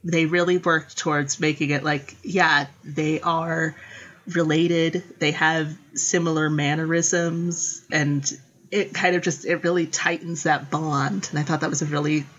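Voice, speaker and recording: Husky lower-voiced woman chatting casually. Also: little pitch movement, a little slow, a bit bright, dull audio. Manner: laughs often, acts out quoted lines in playful voices. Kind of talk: casual chat.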